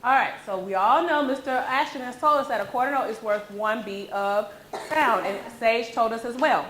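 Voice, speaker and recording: A woman's voice: on the high side, moderate pace, a bit bright, poor audio. A woman teaching a music lesson to a classroom, encouraging and checking in with the children after nearly every point. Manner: encouraging, checks in with frequent "okay?". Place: school classroom.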